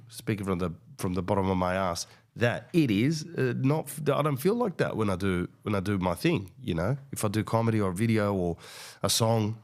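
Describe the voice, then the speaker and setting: A deep-voiced man riffs through a casual podcast monologue. He hesitates often, restarts his sentences, and swears freely, like a comedian thinking out loud. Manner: hesitant, many fillers and restarts, profane.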